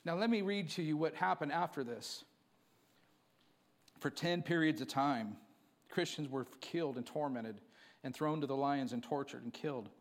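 Guy preaching, pretty high voice, tells the story then gets all fired up. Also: moderate pace. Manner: storytelling, rising to fervent preaching. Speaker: pastor. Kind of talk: sermon.

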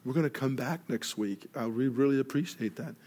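A pastor preaches a sermon through an animated story, voicing each character's dialogue. He grows loud when excited and drops soft and quiet for earnest points, his medium-pitched voice moving a little fast.

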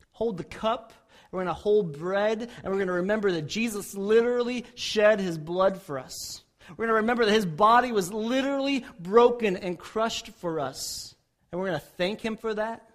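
Emphatic high-voiced male pastor preaching. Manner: emphatic, rising loud in acted prayers and dropping soft for appeals. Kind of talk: sermon.

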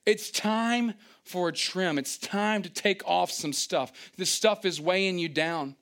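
A man preaching a sermon, animated and storytelling, who acts out little scenes with sudden high-pitched outbursts and drops into quiet asides. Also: a little slow. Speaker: pastor.

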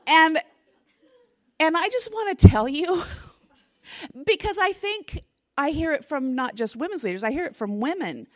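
Middle-aged woman leading a bible study, chatty and expressive, fairly high voice, dry close sound. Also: unhurried, dry recording. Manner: chatty and expressive, with frequent restarts. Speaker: women's Bible study teacher. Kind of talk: casual teaching talk to a women's group. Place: room with a group of women.

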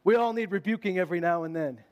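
A man preaching to his congregation with a high-pitched voice. He talks in a casual, conversational way and pushes his voice up to stress his points. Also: quick pace, lo-fi sound. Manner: animated, conversational preaching with emphatic rises. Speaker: pastor. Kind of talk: sermon.

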